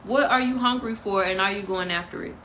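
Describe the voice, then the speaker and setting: A woman talks through a tarot spread like a spiritual pep talk. Her voice is bright and cutting, and her delivery is emphatic and preachy, mixed with slangy asides. Faint noise sits behind her. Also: mid-range voice, fairly quick, poor audio. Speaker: tarot reader and spiritual guide.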